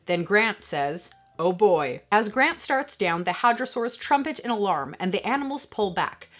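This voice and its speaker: A woman's voice: medium pitch, expressive, moderate pace, fairly bright tone, soft background music. A young adult woman hosting a casual video, reading aloud from a novel and explaining with enthusiasm and playful asides. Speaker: YouTube host.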